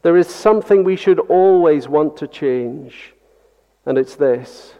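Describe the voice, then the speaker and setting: A man's voice: a little high, fairly even intonation, a little slow. A man preaching a Sunday sermon, earnest and repetitive, with rhetorical questions to the congregation. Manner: earnest, repeats key phrases, rhetorical questions. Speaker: pastor. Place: church. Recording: dull sound with long hall reverb.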